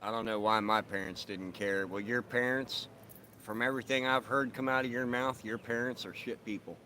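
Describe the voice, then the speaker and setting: A man's voice: lowish voice, fairly even intonation, moderate pace, sharp tone, a little hiss or hum. Blunt, profane man chatting outdoors. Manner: blunt, profane, laughs often. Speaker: live streamer. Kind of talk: casual live-stream chat. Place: outdoors at the end of his sidewalk. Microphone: phone camera.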